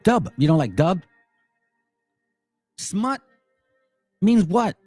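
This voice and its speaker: A man's voice: sits high, very animated, drawn-out words, dark tone, no echo, faint music behind. A man giving heated commentary and reading passages aloud, angry and emphatic, repeating words for stress. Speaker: commentary host.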